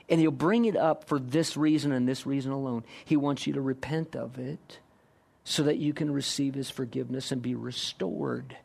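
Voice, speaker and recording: Emphatic preacher with rising questions. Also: male voice, fairly high pitch, creaky. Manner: emphatic, repeated rhetorical questions. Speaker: pastor. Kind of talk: sermon.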